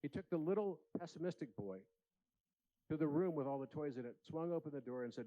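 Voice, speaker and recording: A man's voice: a little high, moderate pace, long pauses, dark tone, muffled recording. A man giving an earnest, inspirational keynote speech at a conference, telling stories in a large room. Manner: earnest, storytelling with acted voices. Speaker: conference speaker.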